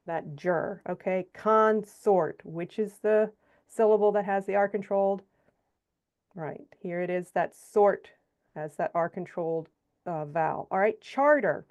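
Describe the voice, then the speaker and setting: A woman giving a phonics lesson to teachers, sounding out syllables slowly and checking in with frequent okays. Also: mid-range voice, a little mellow, muffled recording. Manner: explains step by step, checks in with frequent okays and all rights; sounds out syllables slowly and stretches example words. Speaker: reading teacher trainer. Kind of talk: instructional presentation.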